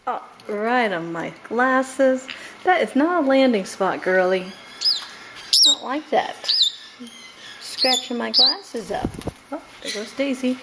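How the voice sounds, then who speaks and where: A woman filming her pet parrots at home, coaxing them in a high, sing-song pet voice and laughing often. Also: expressive, takes it slowly. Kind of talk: home video chat with pet birds. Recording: home camera with loud background noise.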